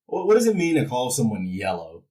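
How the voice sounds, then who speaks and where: Here a mid-range male voice moves at a fairly quick clip through a casual wrestling recap, full of animated jokes and impressions of what the wrestlers said. It's a rough recording with a distant mic.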